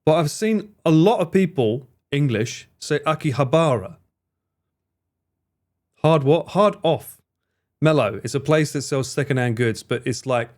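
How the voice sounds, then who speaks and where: A man's voice: mid-range voice, darkish tone. A man streaming live, chatting casually and laughing as he reacts to a video and his chat.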